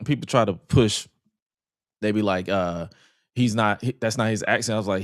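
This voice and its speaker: A man with a Southern US twang chats casually as a wrestling podcast co-host, his voice sitting on the low side. He laughs easily while telling stories. The sound is close and dry, with no room around it. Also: normal speed, pauses often, no room sound. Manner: laughs often, animated storytelling.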